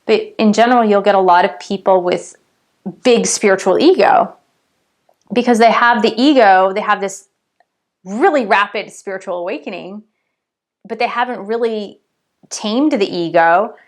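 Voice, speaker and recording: A chatty woman speaking straight to her viewers in a casual vlog. Her pitch sits in an ordinary middle range, and her delivery is animated and direct. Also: moderate pace, pauses often. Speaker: spiritual coach and YouTuber.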